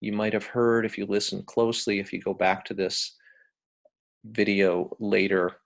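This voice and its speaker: An American man giving a recorded lecture, talking in a relaxed, hesitant way with many ums and uhs. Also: lowish voice, normal speed, vocal fry. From United States.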